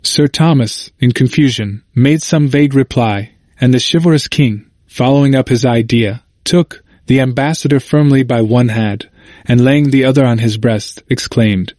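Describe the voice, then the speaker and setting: A man reading a historical narrative aloud in a measured, even manner. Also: medium pitch, no room sound. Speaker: audiobook narrator.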